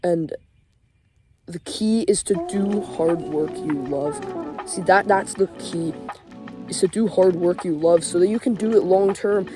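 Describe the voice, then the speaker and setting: A man's voice: sits high, a little slow. A young man giving a casual motivational rant, emphatic and profane, with lots of "like" fillers. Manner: profane, emphatic, heavy use of 'like' fillers. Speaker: motivational vlogger. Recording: voice over clear background music.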